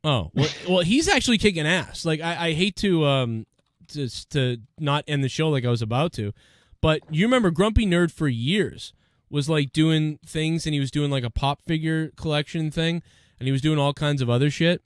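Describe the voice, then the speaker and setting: A man's voice: on the high side, normal speed, no room sound, studio quality. A man with a Boston accent hosting a casual podcast chat, rambling and swearing freely. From Boston area, USA. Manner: profane, rambling, excitable. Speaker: show host.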